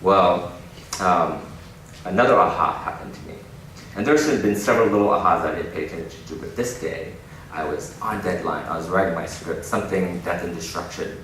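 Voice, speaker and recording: Male keynote speaker, low voice, lively storyteller, distant mic in a noisy, echoing hall. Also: moderate pace. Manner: animated storytelling with frequent laughs. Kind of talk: inspirational keynote talk. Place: large conference hall.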